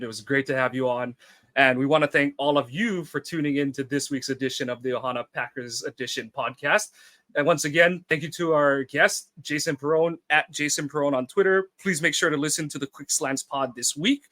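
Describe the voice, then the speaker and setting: Man, podcast host, polite sign-off, bright voice, dry close sound. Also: fairly high pitch, brisk, dry recording. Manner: friendly and polite, thanking guests.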